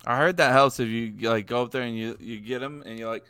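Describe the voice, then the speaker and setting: A man's voice: mid-range voice, steady tone, quick pace, a bit bright, clear, resonant tone, no echo, studio quality. A man co-hosting a podcast, telling crude jokes and teasing sarcastically in casual chat. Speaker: podcast co-host.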